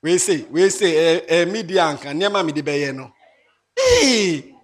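A man giving a moral talk to students, animated and mixing English with local phrases, rising to emphatic shouts. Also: a little high, a little fast. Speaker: speaker addressing students. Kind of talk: moral talk to young people.

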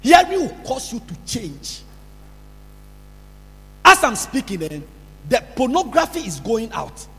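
A man preaching a sermon, scolding and repeating himself, breaking into shouts, recorded in a large church hall. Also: very high-pitched, wildly swooping pitch, a little slow, slightly rough. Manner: scolding, repetitive, bursts into shouts. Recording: reverberant hall with faint music.

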